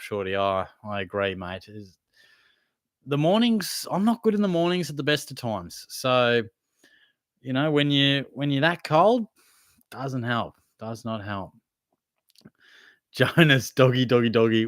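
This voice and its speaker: A man's voice: medium pitch, sharp tone, clear, resonant tone, dry recording, clean studio sound. Laid-back guy chatting to viewers. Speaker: livestream host answering chat questions. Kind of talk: casual live Q&A chat.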